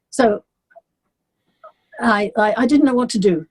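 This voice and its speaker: Older english lady telling stories, bit husky, fairly high voice, acts out everyone. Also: normal speed. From England. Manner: animated storyteller, acts out the people she quotes. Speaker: interview guest, singer. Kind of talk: casual storytelling.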